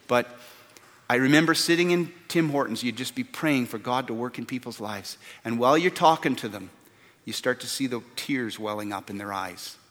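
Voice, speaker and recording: A man's voice: medium pitch, normal speed, a bit bright. A man preaching a sermon as pastor, earnest and repeating words for stress. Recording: long hall reverb.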